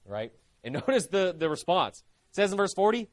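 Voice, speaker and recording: A man preaching with a notably high-pitched voice. His delivery is fervent and emphatic, the way a sermon is delivered from the pulpit. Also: big pitch swings, normal speed.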